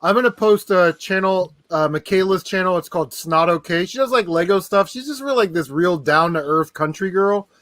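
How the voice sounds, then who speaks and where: A man's voice: sits high, expressive, normal speed, hardly any pauses, a bit bright, no echo. A man co-hosting a casual podcast chat, easygoing and loose, padding his talk with fillers. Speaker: podcast co-host.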